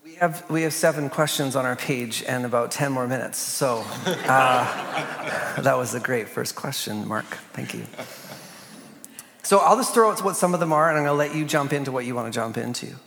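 A man leading a church panel discussion, earnest, reading prayers slowly and softly. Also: mid-range voice, vocal fry, slight background noise. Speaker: pastor. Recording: long hall reverb.

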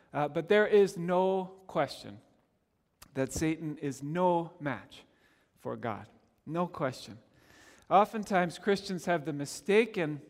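A middle-aged man from Canada preaching a sermon as a pastor, talking in an earnest, conversational way with gentle humor. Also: high voice. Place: church sanctuary. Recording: long reverb of a church hall.

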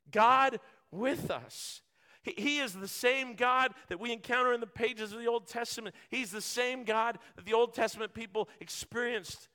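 A man's voice: high voice, pushed and bright. A man preaching a sermon, earnest and building through repetition, acting out short quotes. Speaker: pastor.

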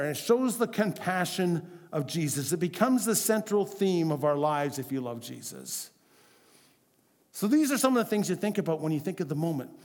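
Man, pastor, sermon, fairly high voice, conversational, asks the congregation questions, long hall reverb. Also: a little mellow.

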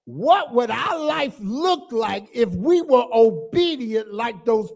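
High gravelly preacher man, yells then drops way down, sermon. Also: very animated, slow pace. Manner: preaching with call-and-response, swinging from loud shouting to low asides. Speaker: pastor.

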